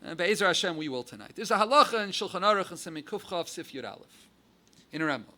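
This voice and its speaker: American rabbi, Yiddish-laced lecture, sharp, keen voice, lively build-ups. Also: male voice, high voice, fast talker. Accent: American English with Yiddish and Hebrew terms. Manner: animated, rising emphasis on key words. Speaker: rabbi giving a Torah class. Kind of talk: halacha lecture.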